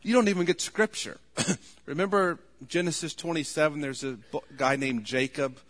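A man preaching a sermon in an earnest tone, voice rising to loud pleading when he quotes. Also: fairly high pitch, normal speed. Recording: long hall reverb.

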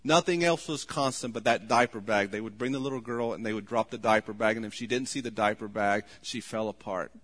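A man preaching a sermon in an earnest tone, voice rising to loud pleading when he quotes. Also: fairly low pitch, fairly quick, hardly any pauses. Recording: long hall reverb.

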